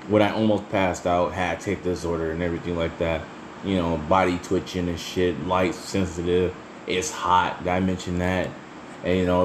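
A man's voice: sits low, a little hiss or hum. A man hosting his own podcast, telling casual, profane stories and laughing as he goes. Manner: laughs often, swears freely, chatty and animated when telling stories. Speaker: solo podcast host. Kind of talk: casual profane storytelling monologue.

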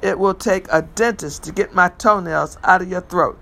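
A gruff, strict father barks blunt orders, cursing freely, as a man reading a story aloud gives him voice. The tone is bright and clear, and it sits fairly high for a man. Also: moderate pace, heavily acted. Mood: angry.

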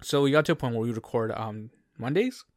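Give me a young man from Canada chatting on a podcast, mid-pitched, dry and close. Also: expressive, brisk, a little mellow, no room sound. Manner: rambling storyteller, many restarts, laughs often. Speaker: podcast co-host. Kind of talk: casual chat.

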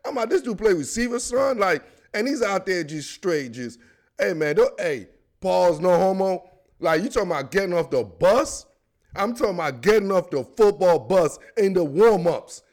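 Excitable high-voiced man riffing on football. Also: normal speed. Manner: animated, slangy, excitable. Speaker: sports podcast host. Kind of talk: casual sports commentary.

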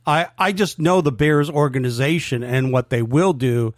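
A man's voice: a little high, moderate pace, no echo, studio quality. A man co-hosting a sports talk show, arguing the other side of a debate. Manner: argumentative, playing devil's advocate.

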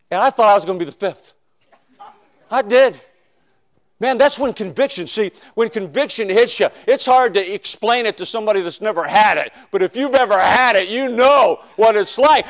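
A male preacher telling his conversion story in a sermon, swinging from loud shouts to hushed confession. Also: extremely high pitch. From northern United States. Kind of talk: sermon testimony.

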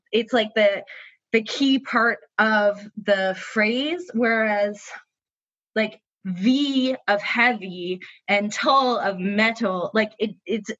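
A woman's voice: on the high side, a bit bright, lo-fi sound. A woman co-hosting a podcast in casual chat, opinionated and emphatic, now and then swearing. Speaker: podcast co-host.

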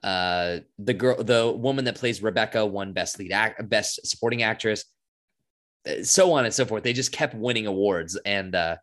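A man's voice: on the low side, moderate pace, a bit bright. A young man co-hosting a podcast, chatting casually and enthusiastically with lots of fillers. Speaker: podcast co-host. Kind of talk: casual chat.

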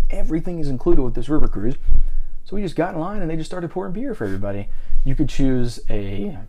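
A man from the United States co-hosting a podcast, chatting casually about a river cruise and telling animated stories. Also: medium pitch. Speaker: podcast co-host. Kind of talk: casual travel chat.

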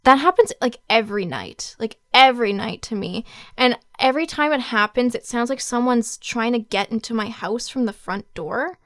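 A woman in casual chat, reacting and musing with halting starts and fillers. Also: fairly high pitch, dry recording, studio quality.

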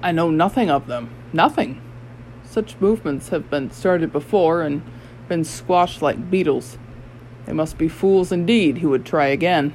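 A blustering male ship captain, quick to complain and quicker to panic, as an audiobook narrator puts him on. He speaks in an agitated, exclaiming way at a middle pitch. It is a storybook character read aloud. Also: a little mellow, a little hiss or hum, natural voice, low-quality recording. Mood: nervous.

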